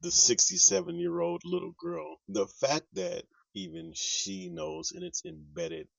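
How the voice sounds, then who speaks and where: A man gives casual commentary to his viewers, his voice full of gravelly fry and rising a little high. He sounds reflective and direct. The mic sits away from him and sounds muffled, with no room echo. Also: big pitch swings, unhurried, a bit bright. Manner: reflective, talks straight to viewers. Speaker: vlogger reacting to clips. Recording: dull, distant mic in a dry room.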